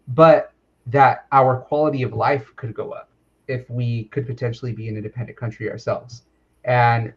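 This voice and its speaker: A man hosting a podcast, earnest and reflective as he works through his thoughts out loud. His voice is mid-pitched, and the recording sounds muffled and lo-fi. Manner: earnest, thinking aloud with fillers and restarts. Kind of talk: reflective conversational talk. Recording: dull, lo-fi sound.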